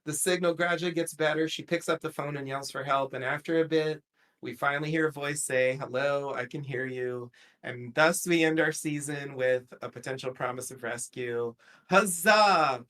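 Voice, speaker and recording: A man's voice: a little high, steady tone, fairly quick, fairly bright tone. A man casually recapping a TV episode on a podcast, chatty and rambling, laughing often.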